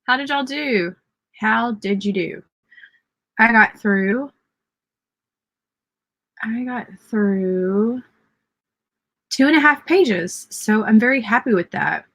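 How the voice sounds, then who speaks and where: Woman, Southern accent, livestream host, casual chat, bright tone, upbeat cheering. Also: fairly high pitch, expressive, takes it slowly, long pauses. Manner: chatty, cheers readers' comments.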